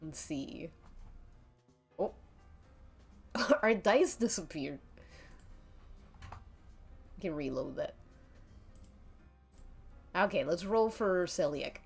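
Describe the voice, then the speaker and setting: A woman runs a tabletop game for her stream audience, giggling often as she narrates. She speaks slowly, with a voice that rises and falls widely in pitch. Soft stream music plays faintly in the background. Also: animated, creaky, breathy edge. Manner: giggly, laughing often between lines.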